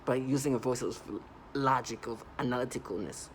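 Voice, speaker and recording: A man's voice: mid-range voice, brisk, background noise. A man delivering a casual vlog monologue, emphatic and repetitive, often restarting his sentences. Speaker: vlogger.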